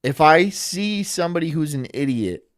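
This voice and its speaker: A man's voice: fairly high pitch, expressive, normal speed, no room sound, clean studio sound. A man streaming and reacting casually, rambling in a sarcastic way and laughing often.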